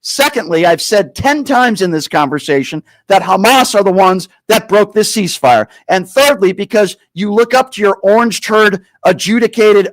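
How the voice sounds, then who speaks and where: A man hosting a call-in talk show, talking down to a caller in a slow, repetitive, insulting way. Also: sits high, a bit bright, no room sound, low-quality recording.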